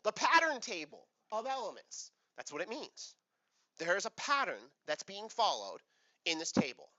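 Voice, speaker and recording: A man's voice: high voice, highs cut off. A male chemistry teacher giving a playful classroom lecture and quizzing his students. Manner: playful, animated, asks the class questions.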